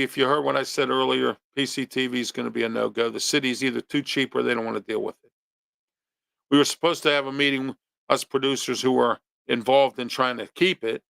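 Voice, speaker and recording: A man's voice: medium pitch, gravelly, a bit bright, no room sound. A man from hosting a local talk show, ranting his opinions with pointed rhetorical questions. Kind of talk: opinionated monologue.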